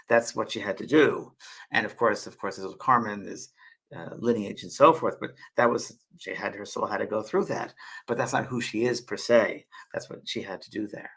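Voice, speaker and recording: A man hosting a casual live stream, answering viewers' questions in a rambling, halting way and often repeating his words. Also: on the low side, bright, forceful tone, breathy edge, poor audio. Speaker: host and spiritual medium.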